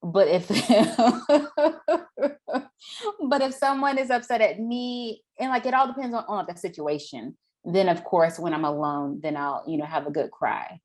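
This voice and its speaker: A woman's voice: mid-range voice, measured pace, darkish tone. A woman co-host in casual podcast chat, playful and sassy, often laughing.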